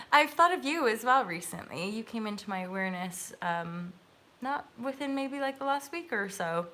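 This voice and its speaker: A woman's voice: lowish voice, a bit bright. A woman, hosting a live tarot stream as casual chat, bubbly and giggly as she talks straight to her viewers. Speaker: host reading tarot cards on a live stream.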